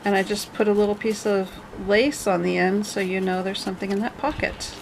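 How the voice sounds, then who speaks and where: A woman's voice: mid-range voice, flat delivery, a little fast, vocal fry, slight background noise, rough recording. A woman casually walking through her handmade journal page by page, chatty and rambling with jokey asides. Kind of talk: casual show-and-tell.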